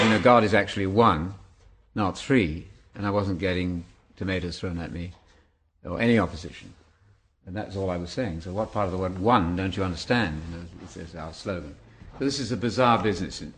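Older English man telling wry stories. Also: on the low side. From England. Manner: chatty and wry, with asides to the audience. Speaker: guest speaker. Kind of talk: storytelling talk to an audience.

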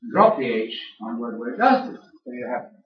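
A man's voice: mid-range voice, very animated, quick pace. An older man giving a sermon-style lecture, teasing his audience with questions. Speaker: speaker addressing a church audience. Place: large room with an audience. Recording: echoey room, far from mic, dull sound.

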